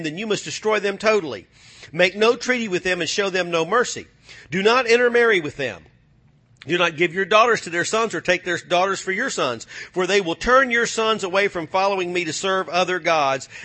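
A male pastor preaching a sermon with call-and-response, folksy speech, swinging from soft to loud. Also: sits high. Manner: folksy, drawls phrases like y'all and ain't.

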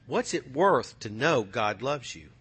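A male pastor preaching a sermon with call-and-response, folksy speech, swinging from soft to loud. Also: mid-range voice, very animated, measured pace, breathy edge. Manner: folksy, drawls phrases like y'all and ain't.

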